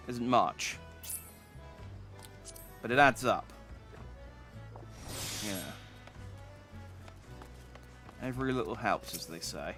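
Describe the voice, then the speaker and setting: A man's voice: lowish voice, expressive, very slow, pauses often, sharp tone, soft background music. Wry man rambling through a game. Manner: rambling, wry, sardonic asides. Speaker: streamer. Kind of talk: gaming stream commentary.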